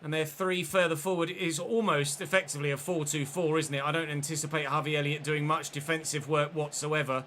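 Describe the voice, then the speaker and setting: A man's voice: a little high, flat delivery, brisk, few pauses, fairly bright tone, a little hiss or hum. A man streaming a football video game, swearing and chatting with his viewers as he plays. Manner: sweary, chatty, answering chat mid-game. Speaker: gaming streamer. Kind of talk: livestream gameplay commentary.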